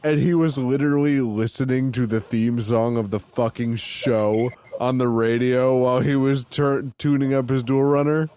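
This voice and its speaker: A young man co-hosting a casual podcast, excitable and swearing, jumping up in pitch when worked up. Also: normal speed, smooth, no room sound. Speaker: podcast co-host. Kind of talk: casual chat.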